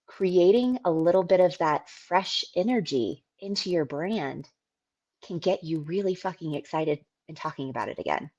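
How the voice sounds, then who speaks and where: A woman hosts her own solo podcast, talking candidly and casually about running her business, swearing and laughing now and then. Her voice is on the low side, animated, a little mellow, at normal speed, and the recording sounds muffled.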